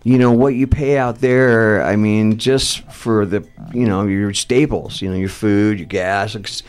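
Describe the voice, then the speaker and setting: A man in his fifties from Southern California, a rock singer guest telling lively anecdotes in a casual interview and laughing often. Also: on the low side, unhurried, clear, resonant tone. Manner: animated, laughs often, acts out voices in anecdotes.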